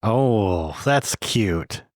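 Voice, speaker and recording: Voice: medium pitch, animated, extremely slow, no echo, studio quality. An interviewer asking questions and reacting to a guest in a playful way.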